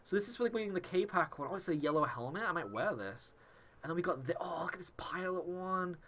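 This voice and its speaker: A man hosting a gaming video, giving excited let's-play commentary in a gushing, excitable way. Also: high voice, fast, slight background noise. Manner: gushing, excitable, laughs often.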